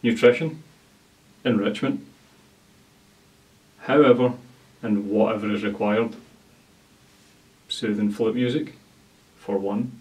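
A man's voice: lowish voice, steady tone, slow, pauses often, darkish tone, distant mic, poor audio. A man speaking in a dreamy, self-admiring way in a documentary interview. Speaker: bearded interviewee.

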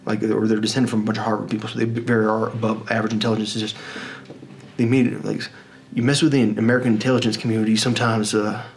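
A man's voice: on the low side, level tone, slight background noise. A man from Texas talking in a rambling monologue, full of restarts and fillers. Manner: rambling, halting, with many restarts.

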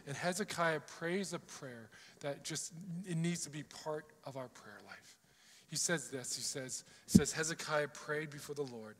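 A male pastor preaching a sermon, telling a story with animated delivery and acting out the quoted voices. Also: on the high side, measured pace, long reverb tail, a little hiss or hum. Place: church sanctuary.

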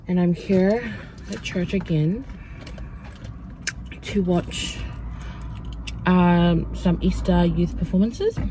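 A woman's voice: on the low side, takes it slowly, pauses often, background noise. A young woman from Samoa, chatting and joking to her phone camera in a casual vlog. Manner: chatty, laughing, self-mocking asides. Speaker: vlogger.

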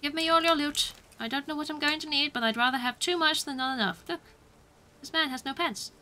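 A woman's voice: high-pitched, fairly quick, bright, forceful tone. A woman streamer giving playful, chatty commentary while playing a game, often breaking into exclamations. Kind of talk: casual gameplay commentary.

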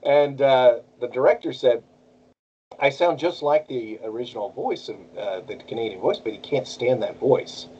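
A man's voice: mid-range voice, normal speed, lo-fi sound, slight background noise. A man who voices cartoons, chatting casually as an interview guest and jumping between bits of character voices. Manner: animated, jumps into character voices. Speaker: voice actor guest.

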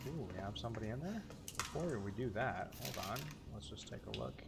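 A man's voice: on the low side, animated, a little fast, creaky. A man in his thirties streaming a horror game, reacting aloud, swearing and talking to his chat. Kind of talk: live gameplay commentary.

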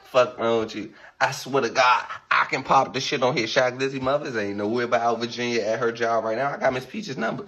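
A man's voice: medium pitch, brisk, few pauses, sharp tone, muffled recording. A man with a Washington DC accent, ranting boastfully on a livestream into a handheld phone camera, swearing and laughing often. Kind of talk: rambling livestream rant.

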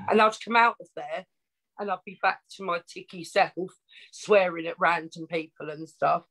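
A woman's voice: lowish voice, fairly even intonation, moderate pace, a bit bright, poor audio. A woman with an Essex accent, telling her life story as a podcast guest in a chatty, frank, self-mocking way. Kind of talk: casual storytelling interview.

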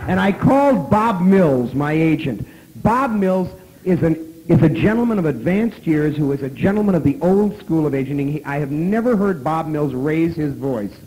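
A man telling a story at a live convention talk, animated and profane, who now and then breaks into loud shouting. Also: fairly high pitch, moderate pace, low-quality recording. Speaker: guest of honor speaker.

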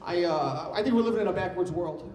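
A brash young comedian works the room with a high, crude delivery. His voice rings through an echoey club. Crowd noise hangs around him, and he sounds set back from the mic. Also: fast talker, darkish tone, far from the mic. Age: young adult. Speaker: stand-up comedian.

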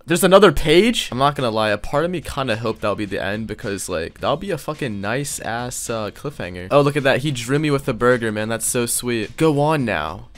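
A man's voice: mid-range voice, brisk, hardly any pauses, fairly bright tone. A man with a mid-range voice reads fan fiction aloud in a comedic reaction video. He often breaks off into sarcastic, swearing asides, with mock outrage at what he reads. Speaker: YouTuber reading fan fiction.

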